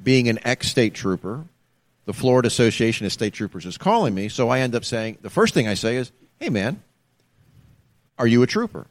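Animated man telling a story. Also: medium pitch, a little fast. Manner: animated storyteller, acts out the people he quotes. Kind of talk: casual storytelling.

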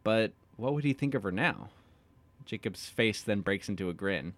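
Guy podcast cohost, low lively voice, snarky and swearing, dry close mic. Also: normal speed, dry recording. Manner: sarcastic, swearing, jokey asides. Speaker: podcast co-host. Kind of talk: casual chat and recap reading.

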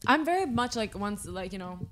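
A woman guest on a casual podcast, talking with many ums and quick giggles. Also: mid-range voice, animated, slight background noise. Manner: hesitant, fillers, giggly. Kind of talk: casual chat.

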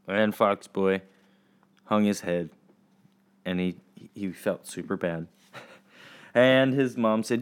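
A man teaching children, telling a story in a chatty, halting way full of fillers. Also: lowish voice.

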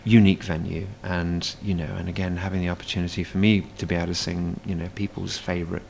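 Deep gravelly man chatting in a cafe. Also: level tone, quick pace, a little mellow, slight background noise. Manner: chatty, rambling with many fillers and restarts. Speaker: stage performer, guest. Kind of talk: casual interview.

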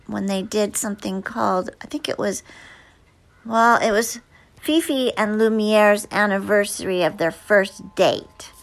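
A woman's voice: mid-range voice, fairly bright tone. A woman actress answering interview questions in a chatty, hesitant way with many fillers and restarts. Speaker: actress guest.

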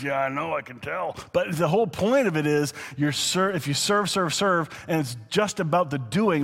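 A man preaching a sermon in a relaxed, conversational way, with quick asides and chuckles. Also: on the high side. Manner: conversational, chuckling, slows down to read scripture. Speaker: pastor. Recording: long hall reverb.

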